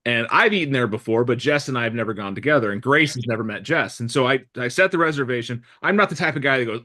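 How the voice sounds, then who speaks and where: A man giving a live real estate training talk to a room, lively and blunt, acting out little dialogues with jokes. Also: mid-range voice, fast, few pauses.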